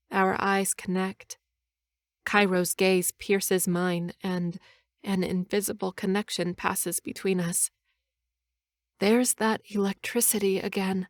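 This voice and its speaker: Slow, soft-spoken woman narrating. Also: mid-range voice, flat delivery, no room sound. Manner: soft, measured and earnest. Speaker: audiobook narrator. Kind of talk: first-person audiobook narration.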